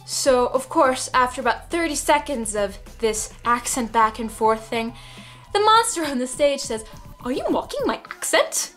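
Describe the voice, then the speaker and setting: A young woman telling stories to camera in a casual vlog, animated and laughing, with sudden loud outbursts and hushed asides. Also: a little high, normal speed, faint music behind. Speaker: vlogger.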